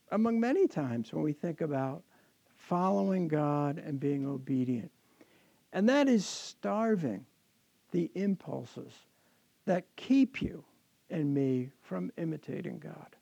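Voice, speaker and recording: A man's voice: on the high side, vocal fry, dark tone, no room sound. A man preaching a sermon as pastor to his congregation, earnest and often repeating words as he restarts.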